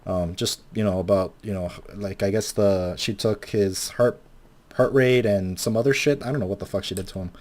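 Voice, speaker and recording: A man's voice: fairly low pitch, fairly even intonation, moderate pace, a little mellow. A young man in his twenties telling a rambling, profane story while playing a game, often acting out what people said. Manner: rambling, swears a lot, acts out quotes. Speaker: Minecraft video maker.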